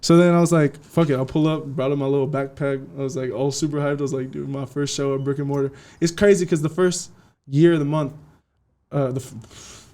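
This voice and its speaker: A young man from California, a DJ guest telling his story in a casual interview, slangy and animated, acting out what people said. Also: mid-range voice, brisk. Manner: slangy, animated, acts out quotes.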